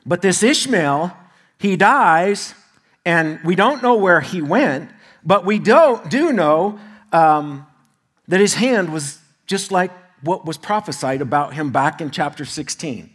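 A man's voice: high voice, lively intonation, slow, fairly bright tone. A male pastor preaching a sermon in a conversational way, with asides to the congregation.

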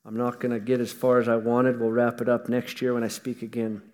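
A man preaching a sermon in a folksy, emphatic way, swinging between loud stresses and hushed asides, with touches of humor. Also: medium pitch, completely flat delivery, a little fast, in a large hall.

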